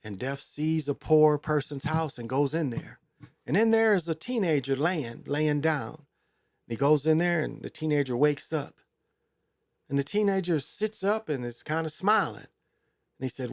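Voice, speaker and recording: A man's voice: fairly high pitch, lively intonation, normal speed, dry recording, studio quality. A man hosting his own show in a rambling, crude, casual monologue full of fillers. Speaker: show host.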